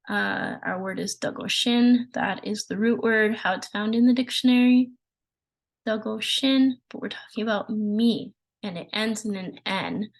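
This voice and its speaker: A woman teaching a language lesson over a shared screen, patiently sounding out words slowly. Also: mid-range voice, creaky, rough recording.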